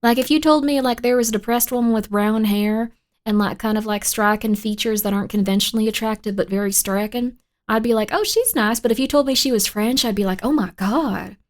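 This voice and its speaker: Her voice a little high and fast, a woman streams a spooky game and chats playfully with viewers in a casual way. She drops to whispers while searching and bursts into excited shouts.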